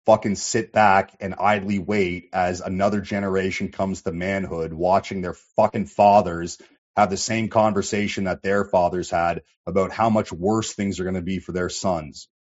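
A man's voice: low-pitched, steady tone, unhurried, dull audio. A man hosting a casual livestream, reading chat and rambling with lots of swearing and fillers. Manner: rambling, profane, many fillers.

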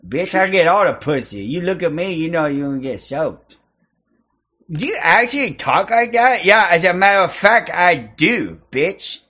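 This prank-stream host's voice is high-pitched and sing-song, with a sharp tone and a moderate pace. Over lo-fi video-chat audio, he goads strangers in provocative casual conversation, and his manner is crude, mocking, and taunting.

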